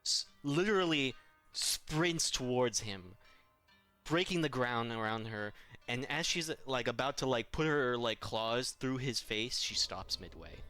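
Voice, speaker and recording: A man's voice: mid-range voice, animated, unhurried, pushed and bright, soft background music. A man narrating a tabletop game as game master, rambling with lots of fillers and frequent laughs.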